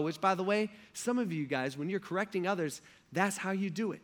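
A man's voice: sits high, brisk, hardly any pauses. A man preaching a sermon in a casual, conversational way, acting out quotes as he talks. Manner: conversational and animated, acts out quotes. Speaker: pastor.

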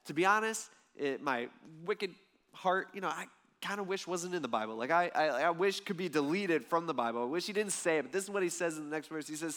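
A man with a high voice delivers a sermon in a conversational, animated style. He swings from loud, punchy lines to low, quiet asides, keeping the talk lively. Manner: animated, conversational preaching with dramatic swings in loudness. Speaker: pastor.

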